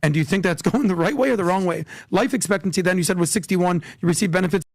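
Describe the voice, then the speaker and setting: A man telling a story on a podcast as a guest, animated and acting out the quotes. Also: sits high, vocal fry, no echo, clean studio sound. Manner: animated, rushed storyteller who acts out quotes.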